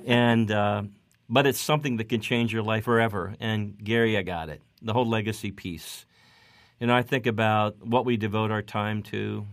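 A man with a lowish voice hosts a faith-based interview. He is recorded close and dry, with no room sound, and he eagerly and quickly prompts his guest. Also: fairly even intonation, no room sound. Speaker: radio host.

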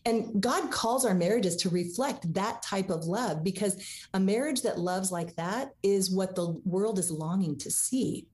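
A woman's voice: mid-range voice, measured pace, a little mellow. A woman guest author talking earnestly about marriage and faith in a radio interview. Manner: earnest, preaching tone.

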